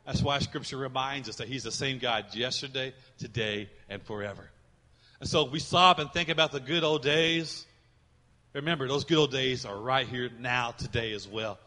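A male pastor preaching a sermon in a church, swinging between loud emphatic lines and soft quiet ones. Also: mid-range voice, moderate pace. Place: church sanctuary with congregation. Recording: reverberant hall.

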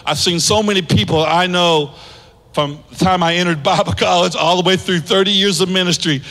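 A pastor in his fifties preaching a sermon in a large church, animated, with big swings in pitch and shouted peaks. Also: a little fast. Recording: long hall reverb.

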